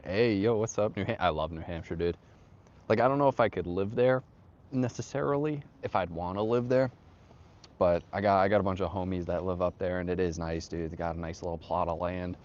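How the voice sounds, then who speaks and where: A man's voice: lowish voice, highs cut off. A young man hosting a casual outdoor livestream, greeting viewers in laid-back slang. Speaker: livestream host. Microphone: phone on tripod.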